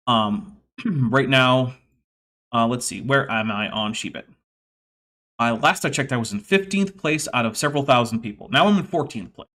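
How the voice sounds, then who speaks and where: A man hosts a live stream in a loose, chatty way, dropping fillers and picking apart what he hears with sardonic remarks. His voice sits at an ordinary middle pitch. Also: a bit bright. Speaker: streamer and host. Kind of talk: casual live-stream commentary.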